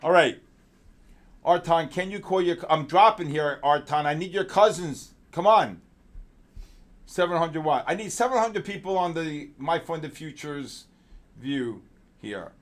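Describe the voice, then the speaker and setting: A man hosting a live trading stream, talking excitedly with chat viewers by name and pushing them on their trades. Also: a little high, measured pace. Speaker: trading show host.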